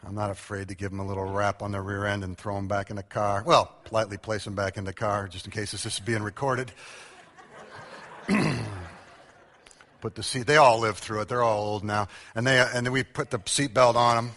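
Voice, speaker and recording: A man's voice: on the low side, flat delivery, a little fast, fairly bright tone. A middle-aged man preaching a humorous sermon, telling family stories with acted-out quotes and self-mocking jokes. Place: large church hall. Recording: church hall with long reverb.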